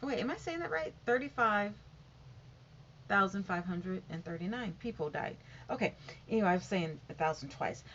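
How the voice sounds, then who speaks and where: A woman's voice: medium pitch, animated, normal speed, a bit bright, slight background noise. Woman vlogger at home, casual and rambling, trips over figures, slightly muffled recording. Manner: rambling, stumbles over numbers, self-corrects. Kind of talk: casual update reading figures aloud.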